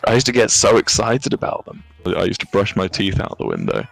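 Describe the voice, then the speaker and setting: A young Englishman streaming casually rambles through anecdotes, laughing often and swearing freely. His voice is fairly low with vocal fry, swooping wildly in pitch, and he talks fairly quickly.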